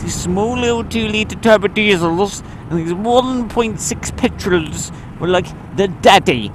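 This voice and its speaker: A man from the UK giving a casual vlog monologue, animated and swearing, with his voice jumping between high and low. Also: a little slow, hardly any pauses, a little hiss or hum. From United Kingdom. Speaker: motovlogger.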